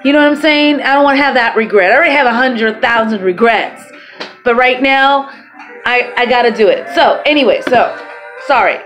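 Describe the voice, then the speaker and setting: A woman's voice: on the high side, brisk, a bit bright, poor audio. A woman talking to her camera in a rambling, chatty way, swearing freely. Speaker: vlogger. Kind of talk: casual talk to camera. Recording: music playing behind voice.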